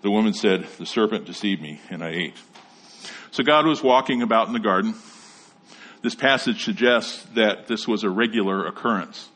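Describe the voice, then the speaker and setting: A man with a somewhat low, husky voice delivers a sermon. He teaches in a measured way and reads scripture passages aloud between his explanations. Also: fairly bright tone. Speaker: pastor.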